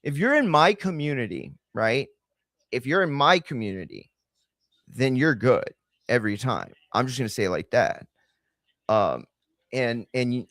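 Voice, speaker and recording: Streamer, male, easygoing slangy fight talk, dry close mic, mid-pitched voice. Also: no echo. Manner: loose, slangy, chatty, addresses chat directly. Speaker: watch-party streamer and fight commentator. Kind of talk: casual live-stream commentary.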